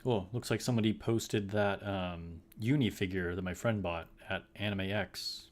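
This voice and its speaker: A man's voice: lowish voice, moderate pace. A man casually chatting on his livestream, rambling and joking, laughing at himself. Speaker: streamer. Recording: faint background music.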